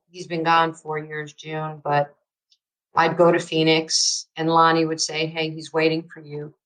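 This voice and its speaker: A woman, telling a story as a guest in an interview, emphatic and excitable and laughing through her words. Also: sits low, low-quality recording. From New York. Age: 60s. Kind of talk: animated storytelling in a podcast interview.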